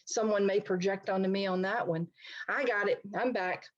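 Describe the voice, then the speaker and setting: A woman's voice: mid-range voice, steady tone, normal speed, highs cut off. A middle-aged woman counselor giving an online talk, speaking conversationally and addressing her listeners directly. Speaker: licensed counselor presenting a talk. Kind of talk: online presentation to a society.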